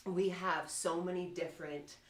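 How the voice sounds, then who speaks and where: A talk-show host woman with a slight New York accent and a somewhat low voice, chatting in a bubbly, chatty manner. She laughs easily and keeps the conversation going. The room around her is echoey. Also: fairly even intonation, normal speed. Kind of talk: casual studio talk show chat.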